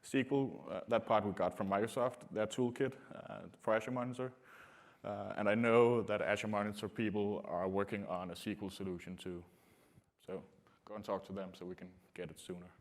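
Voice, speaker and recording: A man giving a technical conference talk to a room, speaking in a halting way with many filler sounds. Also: fairly low pitch, steady tone. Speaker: conference presenter.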